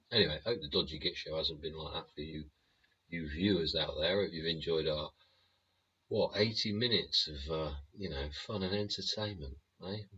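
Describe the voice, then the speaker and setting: A man's voice: rumbling low, measured pace, pauses often, pushed and bright, breathy edge, dull audio. A man hosting a live stream, ranting bluntly and rambling with plenty of swearing. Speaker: livestream host.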